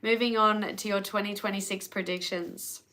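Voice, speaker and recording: Australian woman, tarot reader on a live stream, chatty and relaxed, bright tone. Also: medium pitch, moderate pace. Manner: chatty, talks to live viewers between readings.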